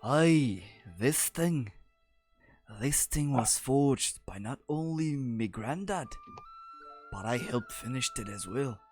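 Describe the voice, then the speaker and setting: A grumpy male dwarf blacksmith, put on by a man with a lilt. He grumbles and curses, his pitch leaping around, and talks slowly in a tabletop game. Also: lively intonation, faint music behind. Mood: proud. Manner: gruff, cursing, loud outbursts.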